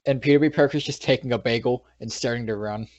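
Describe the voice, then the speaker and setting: A man's voice: mid-range voice, fast talker, darkish tone, no echo. A man from New York recapping a movie in casual chat, retelling scenes with frequent restarts and trailing sentences. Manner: rambling retelling with many restarts. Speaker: podcast co-host. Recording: dull, dry lo-fi recording.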